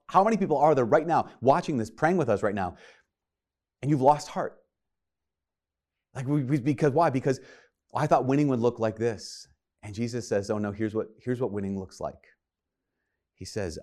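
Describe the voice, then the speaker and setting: Guy preaching a sermon, earnest and chatty, acts out the bible quotes, medium-pitched voice. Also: animated, brisk, a little mellow. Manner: earnest, conversational, retells scripture in quoted voices.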